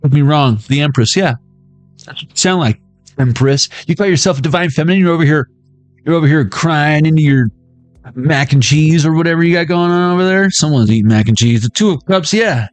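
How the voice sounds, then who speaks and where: A man giving a tarot reading as a comedic monologue, riffing with jokes and jumping into squeaky high voices. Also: a little fast, no room sound, faint music behind. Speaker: tarot reader.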